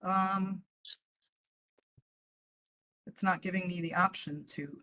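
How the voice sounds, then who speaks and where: A woman's voice: on the low side, steady tone, slow, bright, forceful tone, low-quality recording. A woman auditor presenting a report to a board over a video call, explaining step by step with frequent "um"s. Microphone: computer mic on a video call.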